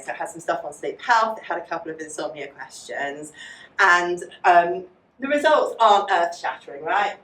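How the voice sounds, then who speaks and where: A woman lecturer, giving a fast, chatty academic talk with many fillers and taking audience questions. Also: deep voice, fairly bright tone. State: out of breath. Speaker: psychology lecturer. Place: lecture hall. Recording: echoey room, distant mic.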